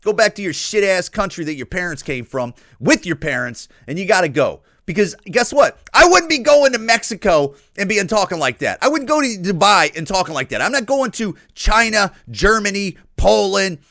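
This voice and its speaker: A man talks straight into the mic in a dry, close recording, hosting his own podcast. His voice is fairly high and bright, and his pitch swings widely. He rants bluntly and profanely in loose slang. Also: very animated, normal speed, hardly any pauses, dry recording. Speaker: podcast host. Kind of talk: opinionated solo monologue.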